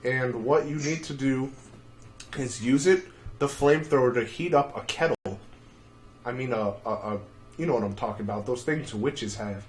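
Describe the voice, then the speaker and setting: A young man hosting a casual livestream, telling rambling, profane stories full of dark jokes. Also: mid-range voice, normal speed, slight background noise. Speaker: livestream host.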